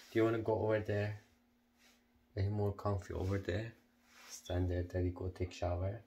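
A man's voice: deep voice, little pitch movement, moderate pace, pauses often, warm tone, slight background noise. A man at home coaxing his pet bird in repetitive baby talk, asking the same questions over and over. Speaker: pet owner.

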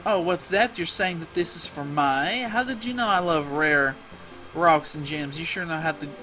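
A cheerful young man from a game who adores rare gems, eager and friendly, read by a man in a near-normal voice. His voice sits a little high for a man, with game music playing behind. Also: normal speed, pushed and bright. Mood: delighted.

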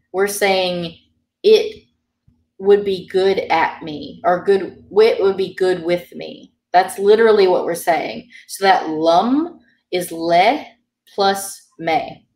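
A woman with a lowish voice teaches a beginner language class. She explains grammar patiently, with plenty of ums. She sounds a little distant from the mic, in a roomy space. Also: a little mellow.

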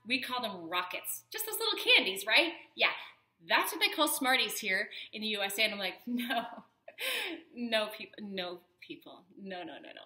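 A woman vlogging in casual chat to camera, gushing and effusive, sometimes dropping to a soft whisper. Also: fairly high pitch, roomy sound. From Canada.

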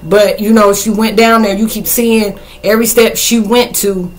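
A woman recapping a movie in a casual, rambling vlog, animated and slangy, breaking into loud outbursts. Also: medium pitch, moderate pace. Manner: slangy, folksy phrasing. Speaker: spiritual vlogger.

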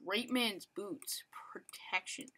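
A woman giving excitable, rambling, self-mocking commentary while playing a video game. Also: medium pitch, slow, whispered. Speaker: gaming channel host. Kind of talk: live gameplay commentary.

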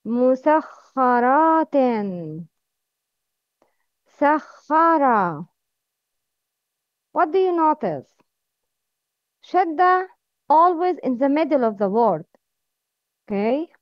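A woman with a high voice teaches reading, speaking very slowly and carefully, pausing for her listeners to repeat. The recording is close and dry, with a slightly muffled, lo-fi tone. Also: animated, no echo. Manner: slow, careful drilling with repeat-after-me prompts. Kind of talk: slow recorded lesson. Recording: dull, lo-fi sound.

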